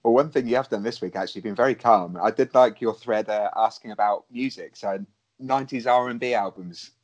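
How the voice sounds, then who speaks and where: A man's voice: on the low side, brisk, highs cut off. A man hosting an interview, asking questions in a chatty way and bantering with his guest.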